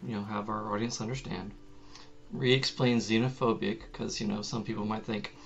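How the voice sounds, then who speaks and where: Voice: medium pitch, level tone, normal speed, vocal fry. A podcast co-host throwing in wisecracking asides during casual chat. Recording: dull lo-fi sound.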